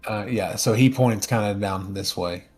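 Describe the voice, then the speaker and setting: A man narrating as game master, casual and full of fillers, slipping into quick character lines. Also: on the low side, faint music behind.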